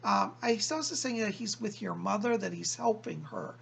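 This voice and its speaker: Very gravelly animated male psychic. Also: high voice, slight background noise. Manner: keeps quoting the spirit with "he said"; speaks in slow, drawn-out phrases. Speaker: psychic medium host. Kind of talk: relayed spirit reading to viewers.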